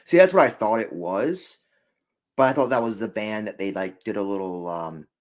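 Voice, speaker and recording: Low-voiced man co-hosting a chatty review. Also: expressive, normal speed. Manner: upbeat, rambling, laughs often. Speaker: podcast co-host. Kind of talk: casual review chat.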